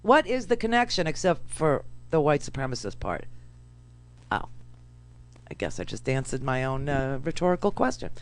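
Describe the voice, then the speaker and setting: A woman hosting a political radio talk show, brash and sarcastic, with lots of fillers and quick asides. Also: deep voice, sing-song. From New York. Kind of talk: political commentary monologue.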